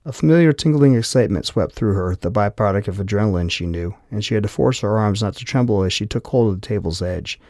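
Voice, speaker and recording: A male audiobook narrator with a low voice, reading in a steady, even way. The sound is dry and close, with no room echo. He keeps the narration calm and clear. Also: fast, few pauses. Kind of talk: scripted narration.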